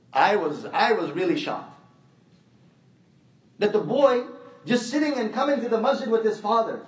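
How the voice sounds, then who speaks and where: High-voiced preacher in an echoey hall. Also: male voice. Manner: conversational, repeats phrases, quotes Arabic. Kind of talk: sermon with anecdotes. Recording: echoey hall, mic at a distance.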